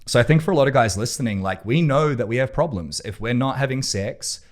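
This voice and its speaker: A man's voice: mid-range voice, animated, fast talker. A man hosting a podcast, talking bluntly and emphatically in a casual conversation, swearing freely. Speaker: podcast host.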